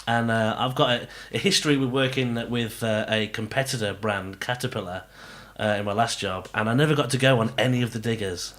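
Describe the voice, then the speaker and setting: A man's voice: medium pitch, a little fast, few pauses. A man from England, co-hosting a podcast, telling stories with enthusiasm in a casual chat. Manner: enthusiastic, animated storytelling. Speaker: podcast co-host.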